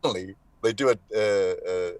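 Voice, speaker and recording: A male voice actor, a guest in a live online interview, telling animated anecdotes with restarts and asides. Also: fairly low pitch, normal speed, no room sound. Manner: animated anecdotes with frequent restarts and 'you know'. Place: lives in Denmark.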